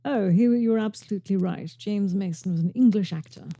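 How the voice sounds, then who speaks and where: Woman cohost chatting about a show, reads out fave quotes, relaxed tone. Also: medium pitch, fairly quick, no room sound. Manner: chatty, quoting lines, light banter. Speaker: podcast co-host. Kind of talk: casual chat about a TV episode.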